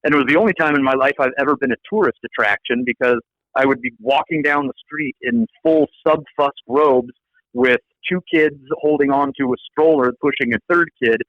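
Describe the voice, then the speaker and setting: A man's voice: medium pitch, brisk, no echo, dull audio. A man with an American accent, a law professor being interviewed, telling stories animatedly and often restarting phrases. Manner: animated, restarts phrases, voices others in quotes. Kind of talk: conversational interview storytelling.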